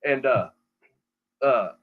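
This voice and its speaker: This is a middle-aged South Texas man, Texan accent, speaking extremely slowly in a mid-range voice. His casual podcast talk is a rambling, profane story with many restarts, heard through dull lo-fi audio.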